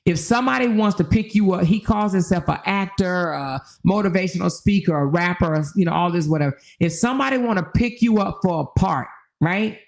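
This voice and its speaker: A woman's voice: fairly low pitch, a little fast, creaky. An older woman hosting a casual livestream chat, talking emphatically and preaching, with lots of "you know" asides. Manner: preachy, emphatic, rising into exhortation; conversational, full of "you know". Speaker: channel host.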